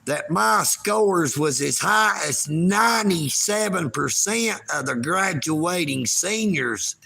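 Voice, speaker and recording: A man's voice: high voice, expressive, slow, creaky, sharp tone, slightly rough. A man, ranting on a livestream in a folksy, taunting way and talking about himself in the third person. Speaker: live streamer. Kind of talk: livestream rant.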